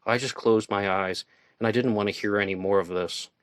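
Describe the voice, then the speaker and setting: A man reading a first-person thriller audiobook in a tense, measured storytelling manner. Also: on the low side, fairly even intonation, dry recording. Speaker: audiobook narrator.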